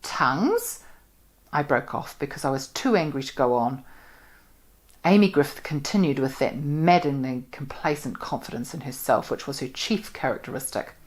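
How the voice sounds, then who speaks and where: A woman from New Zealand reading a novel aloud in an expressive, measured way. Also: very deep voice. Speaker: audiobook reader.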